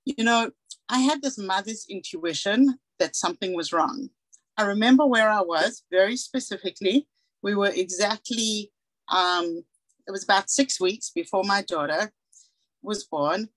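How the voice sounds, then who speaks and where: A woman's voice: mid-range voice, a little slow, fairly bright tone, no echo, low-quality recording. A woman in her forties from South Africa, giving a candid, earnest personal talk as a guest speaker and acting out the dialogue she recalls.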